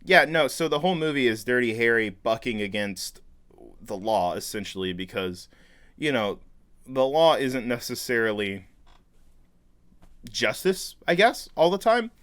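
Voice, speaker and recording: A man's voice: medium pitch, expressive, unhurried, fairly bright tone, no room sound. A man co-hosting a podcast in casual chat, telling meandering stories over a video call. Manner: chatty, meandering storyteller. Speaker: podcast co-host.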